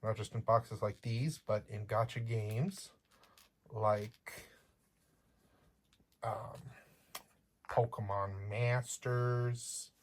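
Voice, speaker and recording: Husky-voiced playful unboxing vlogger. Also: mid-range voice, steady tone, extremely slow, pauses often. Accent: slight accent. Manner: playful, chatty, joking asides to viewers. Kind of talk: casual unboxing chat.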